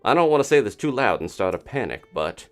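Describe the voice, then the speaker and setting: A man's voice: mid-range voice, big pitch swings, quick pace, faint music behind, voice pushed up, lightly acted. A man voicing a chatty male pelican newspaper reporter in a folksy reporter voice, full of bird puns. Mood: hushed.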